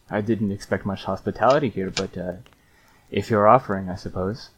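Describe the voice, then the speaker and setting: A man's voice: lowish voice, normal speed, slight background noise, natural voice, poor audio. A man doing a hesitant, polite old monk. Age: older. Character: gentle, hesitant very old male human monk.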